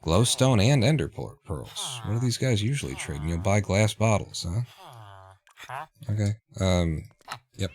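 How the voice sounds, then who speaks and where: Low-voiced man streaming a game. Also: a little slow, a crowd in the background. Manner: relaxed, muttering to himself. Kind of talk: casual gameplay commentary. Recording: noisy home recording.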